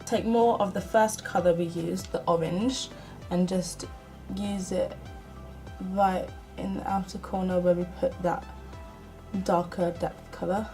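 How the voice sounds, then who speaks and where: Over soft background music on a rough recording, a young British woman talks through a makeup tutorial in a casual, self-deprecating way, frequently muttering half to herself. Her fairly low voice is steady, unhurried and mellow.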